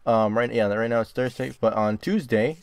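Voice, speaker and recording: A young man hosting a gaming video, chatting casually and often swearing and yelling when startled, recording in a dark closet. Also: medium pitch, moderate pace, slight background noise. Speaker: gaming channel host. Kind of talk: casual game commentary.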